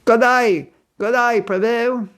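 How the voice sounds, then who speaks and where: A man's voice: very high voice, steady tone, slow, fairly bright tone, clean tone, pitched above the performer's own voice, heavily acted. A man putting on a cheery Australian greeter. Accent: mock Australian.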